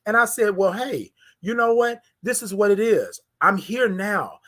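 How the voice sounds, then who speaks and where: Emotional high-voiced man hosting a live stream. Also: animated, unhurried, fairly bright tone. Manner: emotional, preacher-like cadence with many "right?" asides; reads viewer comments aloud. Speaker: host of a morning live show. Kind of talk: heartfelt live-stream talk.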